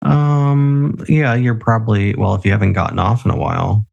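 A man's voice: lowish voice, steady tone, moderate pace, vocal fry, a little mellow, slightly rough, muffled recording. A tipsy man co-hosting a casual podcast over a remote call, swearing freely and laughing often. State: a little tipsy. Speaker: podcast co-host. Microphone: remote call recording.

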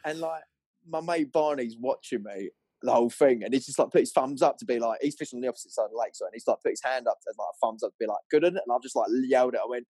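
Man, young, rapid rambling storyteller, dry close sound, lots of fillers. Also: mid-range voice, husky, dry recording. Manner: animated, rambling, full of fillers. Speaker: angler guest. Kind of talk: excited storytelling. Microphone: clip-on mic.

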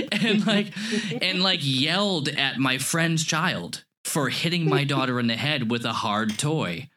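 A man in his thirties co-hosting a casual movie review podcast, telling stories with animated energy and frequent laughs. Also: mid-range voice. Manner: animated storytelling, laughs often. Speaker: podcast co-host. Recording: lo-fi podcast audio.

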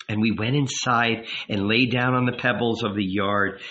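Audiobook narrator, male, measured, bright tone, slightly muffled recording. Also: fairly low pitch, fairly even intonation, a little hiss or hum. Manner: measured, unhurried. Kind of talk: audiobook reading.

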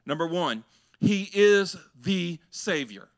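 A man's voice: high-pitched, lively intonation, slow pace. A man, a pastor preaching a sermon to his church, shifting between conversational asides and raised, emphatic delivery.

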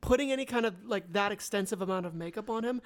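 A woman's voice: medium pitch, fast. A woman co-hosting a casual podcast chat, frank and opinionated, speaking with emphasis. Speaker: podcast co-host.

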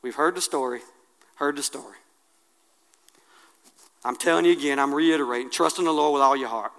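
A man preaching a sermon, colloquial and impassioned, swinging from hushed asides to loud declarations. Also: a little high, fairly quick.

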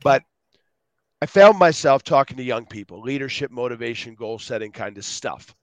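A middle-aged man, a guest on an interview show, telling stories in an animated, rambling way. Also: medium pitch, moderate pace. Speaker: guest speaker. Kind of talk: casual interview storytelling.

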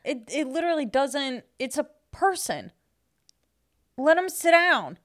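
Bright, high-voiced young woman co-host. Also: big pitch swings, a little slow. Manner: exasperated storyteller, playful and goofy. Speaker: podcast co-host. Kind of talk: casual chat.

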